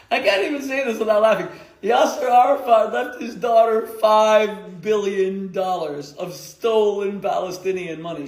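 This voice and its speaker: A man, a rabbi, giving an emphatic, joking lecture to a community audience and laughing at his own jokes. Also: on the high side. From United States. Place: lecture hall. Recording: echoey lecture hall.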